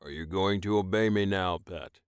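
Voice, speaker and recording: A man voicing a huge, commanding male alien who speaks slowly and low, keeping firm control, in an audiobook. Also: smooth, no echo, clean studio sound, lightly acted. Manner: slow, low, firmly in control. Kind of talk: audiobook character voice.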